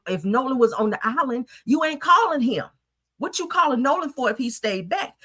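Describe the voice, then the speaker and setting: Ranting with profane, emphatic outbursts, a woman hosts a heated commentary show. She has a bright, sharp tone and a pitch that swings widely.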